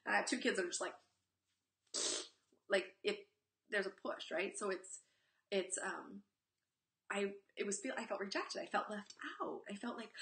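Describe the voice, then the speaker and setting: A woman's voice: medium pitch, moderate pace, pauses often. A woman in her forties, a parenting coach on a live stream, talking bluntly and nonstop, swearing freely and telling stories from her own family. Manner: talks nonstop in an animated, emphatic way. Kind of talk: live-stream talk to viewers.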